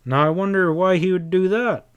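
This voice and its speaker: A man's voice: high voice, normal speed, clean tone, dull audio, voice pushed up, natural voice. A man reading aloud and voicing a grim western sheriff who drawls in rural speech.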